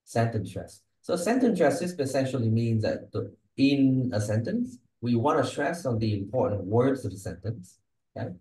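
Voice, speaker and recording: Man, mid-pitched teacher voice, patient explainer who keeps asking "okay?", in a roomy echo. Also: expressive, moderate pace, mellow. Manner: patient, explanatory, tags sentences with "okay?" and "huh?". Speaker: English teacher giving exam feedback. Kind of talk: spoken lesson with frequent check-ins.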